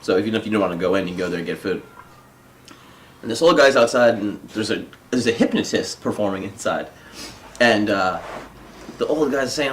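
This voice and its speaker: A man's voice: on the low side, expressive, fairly quick, a little hiss or hum. A man hosting a podcast in casual chat, telling a story with mimicked voices and hearty laughs. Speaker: podcast host.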